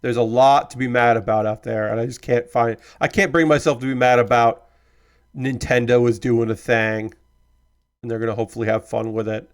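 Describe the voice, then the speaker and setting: A man's voice: medium pitch, fairly even intonation, fairly quick. A man hosting a live stream in casual chat, rambling and hedging, easygoing and apologetic, swearing now and then. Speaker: streamer host.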